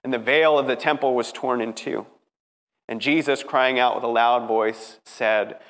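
A man preaching a dramatic sermon, emphatic, moving from hushed passages to rising ones. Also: mid-range voice, steady tone, a little slow. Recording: preaching in a reverberant hall.

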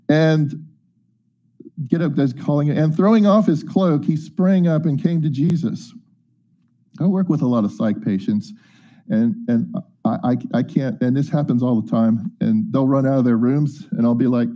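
A man's voice: medium pitch, normal speed, mellow. A man preaching a casual, folksy sermon, chatty and joking as he reads and explains scripture. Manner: folksy, chatty, jokes and asides.

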